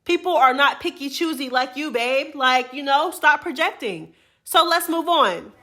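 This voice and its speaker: A woman's voice: high-pitched, lively intonation, measured pace, sharp tone. A woman hosting a reality TV recap, talking in a sassy, chatty way full of slang and frequent laughter. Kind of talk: casual gossip commentary.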